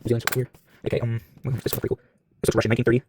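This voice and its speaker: A man's voice: medium pitch, monotone, fast, noisy background. A man casually talking through a pile of coins he is sorting, rambling with lots of fillers and self-corrections. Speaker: coin collector.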